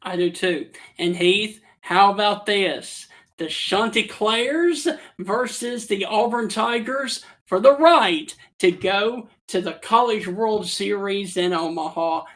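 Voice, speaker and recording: A man's voice: high voice, slow pace, few pauses, a bit bright. A man hosting a casual sports talk show, upbeat and given to cheering. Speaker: host.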